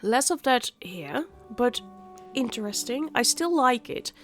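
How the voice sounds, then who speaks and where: A woman's voice: a little high, lively intonation, a little slow, fairly bright tone, soft background music. A woman hosting a gaming channel, talking through a game in a chatty, candid way while nursing a sore throat. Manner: chatty, candid, muttering asides. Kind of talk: casual let's-play commentary.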